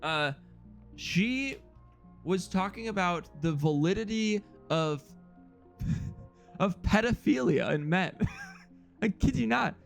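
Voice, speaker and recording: A man's voice: high voice, lively intonation, slow pace, creaky, long pauses, soft background music. A man streamer chatting casually and rambling through a story with frequent chuckles.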